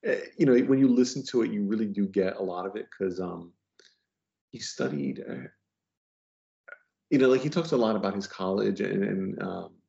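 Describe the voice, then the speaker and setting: A man's voice: fairly low pitch, lively intonation, moderate pace, creaky, pauses often, mellow. A man chatting casually as a podcast guest, rambling with lots of fillers and restarts. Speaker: podcast guest, comic book letterer. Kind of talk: casual chat. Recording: dull lo-fi audio.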